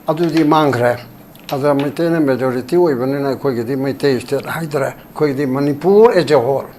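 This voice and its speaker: An older man being interviewed about politics, speaking rapidly and emphatically, sometimes quoting documents in English. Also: mid-range voice, darkish tone, slight background noise. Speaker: former human rights commission chairperson, interview guest.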